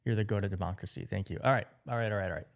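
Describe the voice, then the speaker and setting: A man's voice: fairly low pitch, very fast. A man hosting a casual live stream, reacting sarcastically to chat messages and news clips. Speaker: livestream host.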